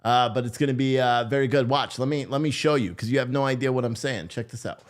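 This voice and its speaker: A man's voice: medium pitch, fast talker. A man hosting a live stream, chatting casually and sarcastically with his viewers and swearing freely.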